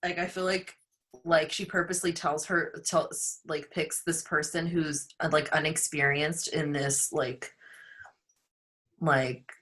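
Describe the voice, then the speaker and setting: A woman's voice: sits low, fairly even intonation, slow, fairly bright tone. A woman in casual video call chat with her book club, rambling and searching for words.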